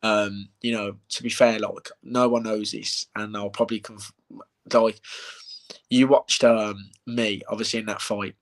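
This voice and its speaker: Swearing man telling animated stories. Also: on the low side, a little slow. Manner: animated storyteller, heavy swearing, acts out quotes. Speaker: bare-knuckle fighter. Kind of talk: casual live-stream chat.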